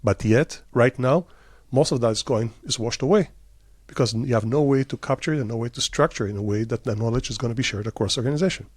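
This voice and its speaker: A middle-aged Israeli man, a startup CEO, answering interview questions with lively stories, quick bursts and many fillers. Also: mid-range voice, husky, no echo, clean studio sound.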